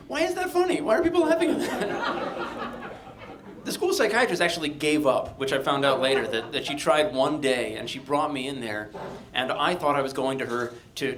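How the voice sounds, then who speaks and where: A man from Delaware telling a funny personal story live, in a wry, animated way with a comic sense of timing. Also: medium pitch. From Delaware, USA.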